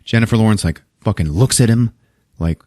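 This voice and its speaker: A man's voice: on the low side, brisk, a little mellow, dry recording, clean studio sound. A man casually retelling a movie plot on a podcast, swearing freely, laughing often and acting out the characters' lines. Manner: profane, laughing, acts out characters. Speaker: podcast host.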